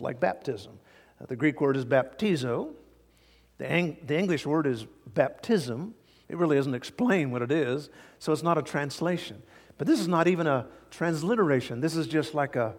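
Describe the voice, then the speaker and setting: A man's voice: on the high side, in a large hall. A man preaching a sermon verse by verse, acting out the people he quotes and chuckling often. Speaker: pastor. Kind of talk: expository sermon.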